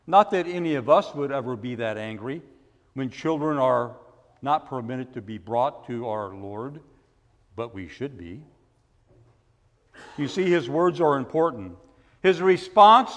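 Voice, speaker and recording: A man preaching a sermon, asking rhetorical questions and building to forceful emphasis. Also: on the high side, big-room sound. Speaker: pastor.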